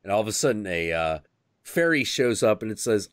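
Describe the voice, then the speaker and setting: A man hosting a loose, profane chat, telling stories and jumping into squeaky voices for the characters. His pitch swings widely and the sound is very dry and close. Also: a little fast, clean tone, no echo. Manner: crude, animated storytelling with sudden high squeaky impressions. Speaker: host. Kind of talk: casual chat.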